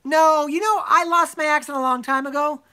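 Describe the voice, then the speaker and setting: A woman co-hosting a live online sale, calling out bids in brisk, teasing casual chat. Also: high voice, fairly even intonation, sharp tone.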